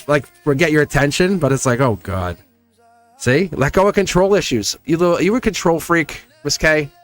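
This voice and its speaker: Speaking a little high, this male host of a live-streamed tarot reading chats animatedly with his audience directly. Laughter comes often throughout.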